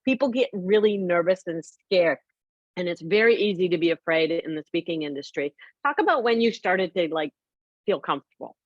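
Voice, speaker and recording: Low-voiced woman host, dull line. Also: expressive, dry recording. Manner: encouraging, quick listener responses. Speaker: podcast host. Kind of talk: interview.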